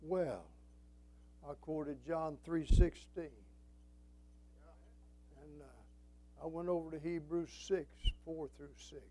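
A man's voice: a little high, slow, pauses often, dark tone, slight background noise, poor audio. An older man preaching a sermon as a pastor, folksy and emphatic, quoting scripture and telling stories.

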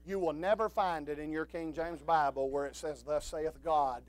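A man preaching a sermon, swinging from quiet low talk to shouted, drawn-out preaching.

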